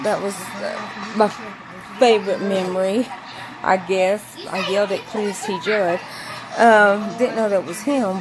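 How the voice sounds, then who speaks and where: A woman telling a rambling story to camera, acting out quotes in a high voice. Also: poor audio. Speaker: vlogger.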